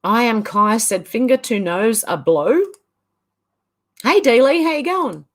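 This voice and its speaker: A woman's voice: fairly high pitch, expressive, a little slow. Chatty woman reading live chat aloud. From Ireland. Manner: chatty, laughs often, sing-song reading of chat comments. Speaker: livestream host. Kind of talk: casual livestream chat, reading comments aloud.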